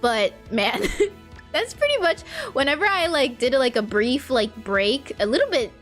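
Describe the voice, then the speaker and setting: A woman's voice: high voice, very animated, normal speed, a bit bright, faint music behind. A woman from California chatting casually on a livestream while playing a game, rambling in loose, filler-heavy sentences and often laughing at her own stories. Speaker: VTuber streamer.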